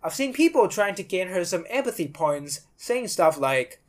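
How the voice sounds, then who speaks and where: Blunt, sarcastic woman with a lively low voice. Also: moderate pace. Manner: blunt, sarcastic, swears freely. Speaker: podcast host. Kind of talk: opinionated podcast commentary.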